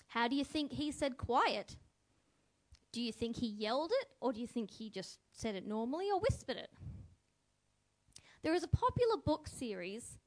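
A woman giving a reflective spoken devotional, musing and asking the listener questions. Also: high-pitched. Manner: musing, asks listeners questions, lively voice for quotes. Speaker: devotional speaker.

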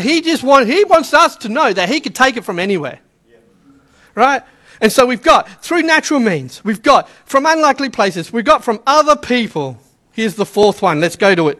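Man, pastor, sermon, very high voice, chatty storyteller. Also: sharp tone. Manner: chatty, storytelling, acts out quotes.

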